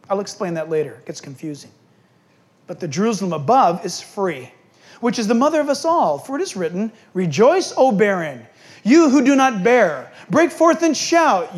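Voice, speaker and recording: A middle-aged man preaching a sermon as pastor, telling the story in a lively, animated way and speaking straight to his listeners. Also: very high-pitched.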